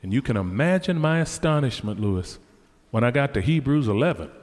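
A man's voice: mid-range voice, animated, brisk. Fervent preacher man, echoing hall. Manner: fervent, swings from loud exclamations to quiet asides. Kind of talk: sermon. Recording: long hall reverb.

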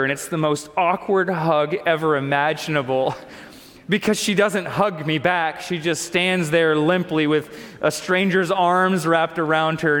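A man's voice: fairly high pitch, a bit bright, big-room sound. A male pastor preaching a sermon, telling a personal story earnestly and acting out the dialogue.

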